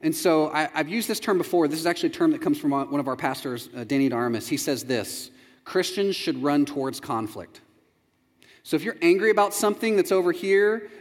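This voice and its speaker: A man preaching a sermon as a pastor, animated and jokey, acting out quotes with big jumps in pitch. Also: big-room sound.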